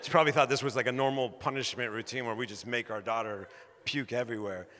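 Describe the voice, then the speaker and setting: A man in his thirties preaching a sermon, telling a personal story with lively acted-out quotes. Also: medium pitch, quick pace, in a large hall. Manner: animated storyteller, acting out quoted voices. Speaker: pastor.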